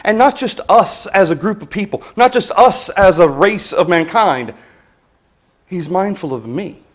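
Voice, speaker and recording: Man, preacher, high-pitched, earnest measured sermon, reads scripture with emphasis. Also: lively intonation.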